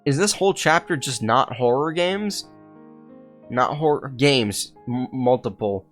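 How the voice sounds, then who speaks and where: A man's voice: medium pitch, animated, a little slow, fairly bright tone, faint music behind. Offhand man giving game commentary. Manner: offhand, chatty asides. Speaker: streamer. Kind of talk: casual let's-play commentary.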